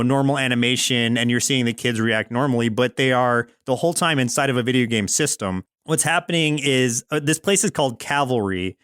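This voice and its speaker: A man's voice: medium pitch, a bit bright, clean tone, dry recording, studio quality. A man co-hosting a podcast, casually recapping a cartoon episode in a rambling way with lots of "like". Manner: rambling storyteller, heavy use of "like", acts out quotes. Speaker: podcast co-host.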